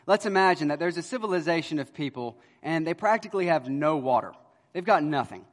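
A pastor delivers an earnest sermon, his fairly high voice swelling loud on key words and then falling to a hush. His words carry a long reverb that rings through a church sanctuary. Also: expressive, fairly quick.

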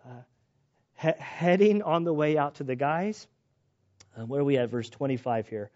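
A middle-aged man preaching a sermon in a conversational, animated storytelling way with restarts. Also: a little high, moderate pace. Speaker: pastor. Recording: dull lo-fi recording.

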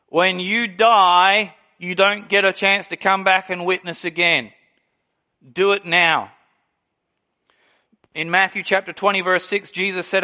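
A man preaching a sermon, telling stories with lively delivery and acting out the people he quotes. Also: high voice, measured pace. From Australia. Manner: animated storytelling, acts out quoted people. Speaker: pastor.

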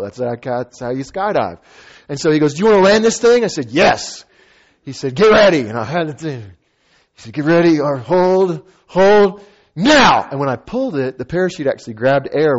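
A man telling a funny personal story to an audience, acting out the people in it and laughing often. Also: mid-range voice. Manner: animated, laughing, acting out quotes. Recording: dull lo-fi recording.

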